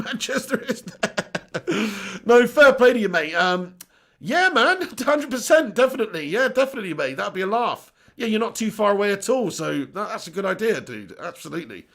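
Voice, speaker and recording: Casual live-stream host: young man, high voice with a gravelly edge, chatty and quick to laugh. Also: a bit bright. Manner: chatty, laughs often, reads out viewer comments. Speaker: YouTube channel host.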